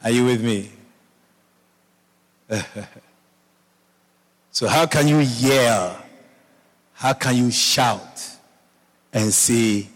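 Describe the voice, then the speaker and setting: Male preacher, mid-pitched, unhurried delivery, repeats lines and asks the room if they follow, heard with a lingering hall echo. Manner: repeats phrases, checks in with the congregation. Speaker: pastor. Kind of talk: sermon. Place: church.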